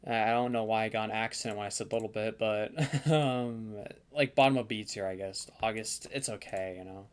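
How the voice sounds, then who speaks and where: A man's voice: fairly low pitch, fairly even intonation, normal speed, clear, resonant tone. A young man casually ranking the months of the year in a tier list, rambling and thinking aloud with lots of fillers. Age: young adult.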